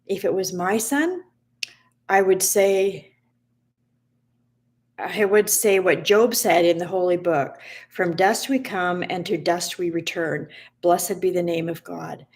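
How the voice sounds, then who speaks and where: A woman reading out the calm, measured words of a doctor keeping his composure. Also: fairly low pitch. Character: composed grieving doctor, calm quiet man.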